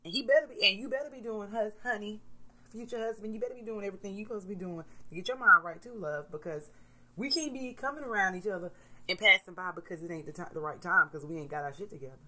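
A woman in her thirties, a mother, talking candidly to camera in a casual motivational vlog, swinging between soft reflection and loud emphasis. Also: medium pitch, quick pace, low-quality recording. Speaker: vlogger, mother.

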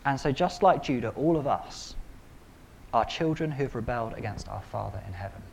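Animated conversational male preacher. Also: medium pitch, brisk, gravelly, breathy edge. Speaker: pastor. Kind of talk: sermon.

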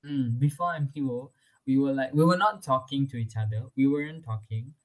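A man's voice: medium pitch, fairly quick, low-quality recording. Chatty young man. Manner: chatty, heavy "like" fillers, laughs often. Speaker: interviewee. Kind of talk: casual personal story.

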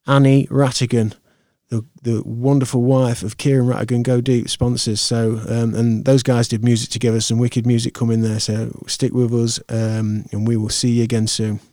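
A man closes out his podcast in a loose, rambling chat full of ums and false starts. His voice is mellow and fairly flat in pitch, recorded dry and close on a podcast mic. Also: normal speed, few pauses, no room sound. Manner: rambling, chatty, loose, many fillers and restarts. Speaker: podcast host. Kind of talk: casual podcast sign-off. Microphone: podcast microphone.

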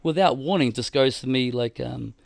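A man's voice: medium pitch, moderate pace, vocal fry, no echo. A middle-aged man telling a long story in casual chat on a podcast, rambling with lots of "like" and freely swearing. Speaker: podcast co-host.

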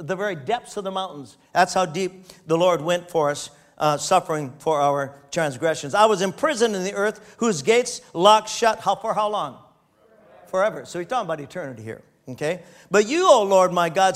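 Male preacher with a high voice who reads scripture, then stops to comment and chuckle. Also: a bit bright. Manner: reads aloud then breaks off to comment, laughing often. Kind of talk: sermon reading and commenting on scripture.

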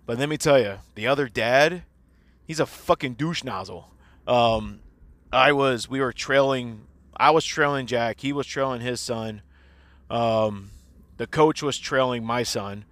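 A man's voice: medium pitch, measured pace, a bit bright, no echo. A man in his forties, a teacher, talking casually and candidly in a personal audio diary, rambling and swearing freely.

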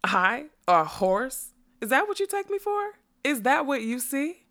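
A woman's voice: moderate pace, lightly acted. A woman voicing a proud, ageless female unicorn in a storybook reading, haughty and rising sharply when offended. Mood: indignant. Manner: haughty, jumps high when indignant.

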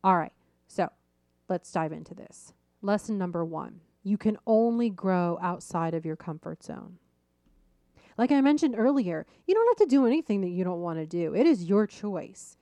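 A woman coach and podcast host telling a story in a casual, animated way and laughing at herself as she goes. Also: fairly low pitch, normal speed, no echo.

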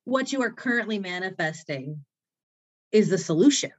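A woman's voice: mid-range voice, expressive, moderate pace, dull audio. A woman guest on a podcast, talking in an effusive, motivational way and laughing often. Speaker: author writing a self-care book. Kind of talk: enthusiastic conversation.

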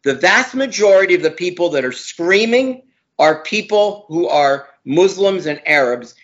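A man's voice: sits high, lively intonation, measured pace, a bit bright. A man, a law professor, talking as an interview guest in an emphatic, opinionated way, repeating words for stress. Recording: dull lo-fi audio.

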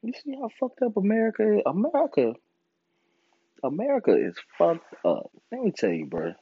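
A man's voice: high voice, huge pitch swings, normal speed, slightly rough, no room sound. A young man ranting casually and with lots of profanity, often mocking people in put-on voices. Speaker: podcast host. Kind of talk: casual monologue. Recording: dull lo-fi sound, dry.

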